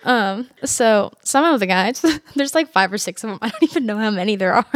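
A woman's voice: medium pitch, lively intonation, normal speed, no room sound. A young woman co-hosting a podcast, chatting casually and breaking into laughs often as she tells stories. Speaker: podcast co-host. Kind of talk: casual chat.

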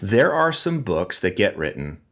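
A man's voice: on the low side, sing-song, unhurried, fairly bright tone. A middle-aged man with a wheezy voice from a cold, chatting casually as a podcast host and laughing at his own stories. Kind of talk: casual monologue.

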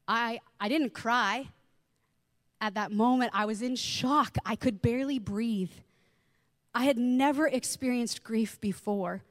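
A woman preaching a sermon, reading scripture and telling a personal story in an expressive way that acts out the voices she quotes. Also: on the high side, measured pace, in a large hall.

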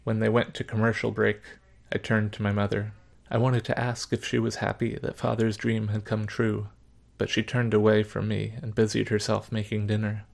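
A man narrating a story in the first person, measured, subdued and reflective. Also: fairly low pitch, completely flat delivery, gravelly.

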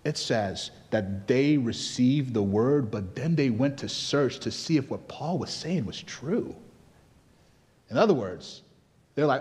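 A man from Nigeria preaching to his congregation. His voice sits at an ordinary pitch, moving between relaxed, conversational asides and emphatic, rising exhortation. The sound carries the long reverb of a large hall. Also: measured pace. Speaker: pastor. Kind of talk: sermon.

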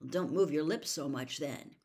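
A woman's voice: sits low, a little slow. A woman voicing a stubborn, sulky teenage schoolboy in an audiobook reading. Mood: dry. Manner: stubborn, flat.

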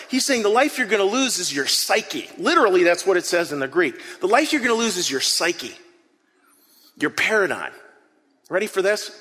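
A man preaching an interactive sermon, earnest and animated, often repeating his words as he speaks to the congregation. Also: sits high. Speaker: pastor. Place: church hall. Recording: long hall reverb.

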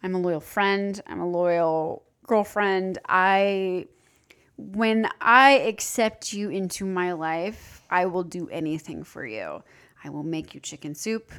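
A young woman co-hosting a podcast in casual chat, candid and profane, dropping into low mock-menacing asides. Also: slow, fairly bright tone, clear, resonant tone. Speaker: podcast co-host.

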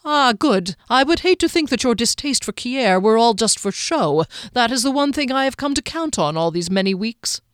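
A woman's voice: a little high, lively intonation, moderate pace, few pauses, smooth, no room sound, studio quality, pitched above the performer's own voice, lightly acted. Woman voicing a wry, urbane male mage. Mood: teasing. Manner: teasing, urbane.

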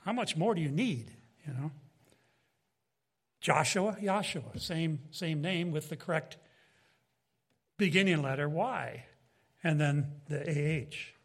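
A man's voice: fairly high pitch, slow pace, pauses often, slightly rough. A man preaching a Bible teaching in sermon style, emphatic, with rising and falling delivery and asides to his listeners.

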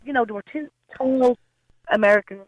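A woman's voice: on the high side, brisk, no room sound, poor audio. An Irish woman calling in to a radio show, telling a story in a chatty way with plenty of hesitant fillers. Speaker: caller. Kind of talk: phone-in chat.

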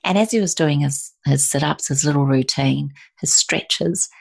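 A woman's voice: low voice, moderate pace, vocal fry, husky. A middle-aged woman telling a personal story in conversation, emotional and full of restarts and quoted voices.

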